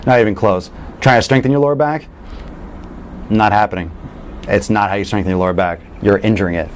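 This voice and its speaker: A man coaching fitness in a casual question-and-answer talk, blunt and animated, swearing freely. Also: fairly low pitch, slight background noise.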